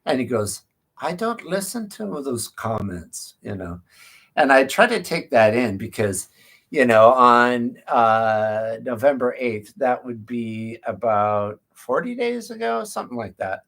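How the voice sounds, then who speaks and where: A man's voice: mid-range voice, lively intonation, unhurried, creaky, a bit bright. A man who runs a therapy practice, telling a personal story in a casual, rambling way on a live stream. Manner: rambling and conversational, with frequent restarts.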